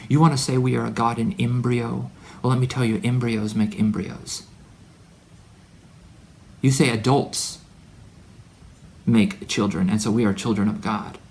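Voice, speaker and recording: Gravelly man preaching a rambling monologue. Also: mid-range voice, fairly even intonation, measured pace, long pauses. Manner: preachy, full of wordplay, swings from loud declarations to hushed asides. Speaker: religious speaker addressing his son.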